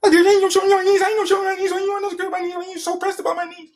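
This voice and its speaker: A man putting on a high, whiny voice as a defensive grown man being mocked. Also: little pitch movement, racing. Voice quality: high squeaky whine. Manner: defensive, protesting.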